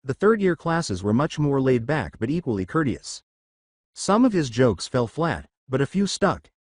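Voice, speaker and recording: Man narrating a story, lively pitch. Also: no room sound, clean studio sound. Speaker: fanfiction narrator.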